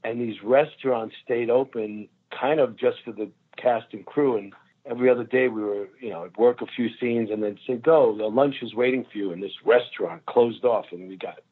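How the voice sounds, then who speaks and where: A man in his sixties, a guest actor, telling lively anecdotes in a casual chat and laughing often. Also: mid-range voice, moderate pace. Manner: animated storyteller, laughs often. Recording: tinny phone line.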